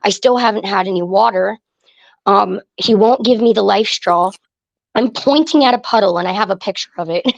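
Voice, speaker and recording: A woman from Pennsylvania recounting a hard personal story as a podcast guest, earnest and halting with many fillers. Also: mid-range voice, creaky, dry recording. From Pennsylvania, USA. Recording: dry, slightly dull recording.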